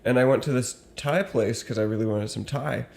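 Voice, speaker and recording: A man's voice: mid-range voice, brisk, vocal fry, darkish tone. A man who is a guest on a comedy podcast, with a dry, teasing way of talking. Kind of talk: casual comedic podcast banter.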